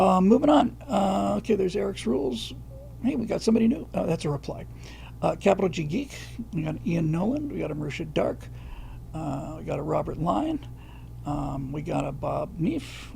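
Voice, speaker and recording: A middle-aged man hosts a livestream in a highish, animated, creaky voice with a warm tone, and there's slight background noise. He chats casually and reads viewer questions and comments aloud, halting often with lots of fillers and restarts.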